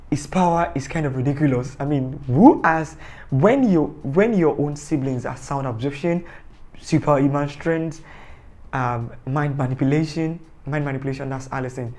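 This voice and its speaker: A man's voice: a little high, gravelly, a little mellow. A man giving a casual, rambling, joking review of a TV series, often correcting himself. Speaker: TV show reviewer.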